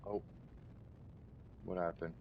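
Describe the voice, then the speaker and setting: Deep-voiced man muttering through a game stream. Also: little pitch movement, slow pace, creaky. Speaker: streamer and channel host. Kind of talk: casual gaming stream chat. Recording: dull lo-fi mic with faint rumble.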